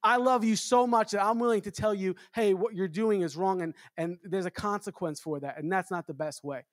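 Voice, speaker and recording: A traveling minister preaching to a congregation in a chatty, storytelling way, often adding "amen" and restarting phrases. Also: male voice, high voice, fairly quick, no room sound, clean studio sound. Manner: conversational preaching with repeated amens. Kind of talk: sermon.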